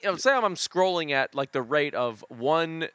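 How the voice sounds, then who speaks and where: A man co-hosting a rambling comedy podcast, swinging between a low mutter and sudden loud, playful bits. His voice sits fairly high and sounds bright and forceful, with a very lively pitch. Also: moderate pace, clean tone, no echo. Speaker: podcast co-host. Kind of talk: casual comedic chat.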